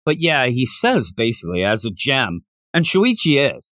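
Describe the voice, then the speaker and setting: A man's voice: mid-range voice, moderate pace, no echo. Podcast guy recapping manga, voice jumps all over, acts out the lines, dry close mic. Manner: animated, acts out characters' lines while recapping. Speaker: podcast co-host. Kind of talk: casual manga discussion.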